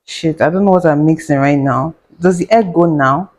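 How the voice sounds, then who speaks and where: While cooking, a young woman, a doctor and vlogger, tells a story in a sarcastic, conversational way, breaking into laughter and muttering to herself. Her voice sits low with a darkish tone and a moderate pace, and the recording quality is low.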